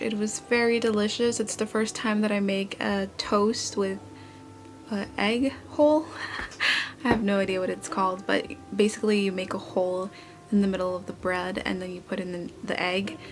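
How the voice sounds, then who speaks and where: A woman's voice: medium pitch, steady tone, moderate pace, slight background noise. Chatty young woman vlogging at home. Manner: chatty and earnest, with fillers and self-corrections. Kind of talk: casual vlog talk to camera.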